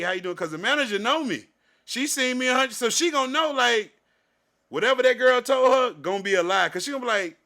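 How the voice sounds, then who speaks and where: Animated man telling a story. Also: sits high. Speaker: podcast co-host. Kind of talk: casual chat.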